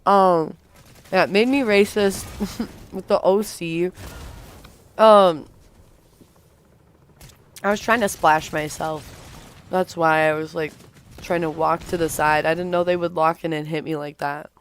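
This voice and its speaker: A woman's voice: fairly low pitch, fairly even intonation, a little slow, long pauses, clean tone. A young woman livestreaming a game, rambling through a storytime with lots of fillers and casual swearing. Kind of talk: rambling storytime while gaming.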